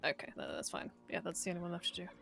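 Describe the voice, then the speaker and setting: A woman's voice: on the low side, sing-song, rapid-fire, vocal fry, a little hiss or hum. A woman chatting in character during an online roleplay, practical and reminding others of tasks.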